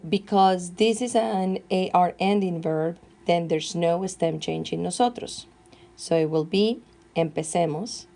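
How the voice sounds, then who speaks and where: A woman teaching Spanish grammar, slowly and carefully dictating verb forms one at a time. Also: fairly low pitch, a little mellow. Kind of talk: classroom grammar lesson.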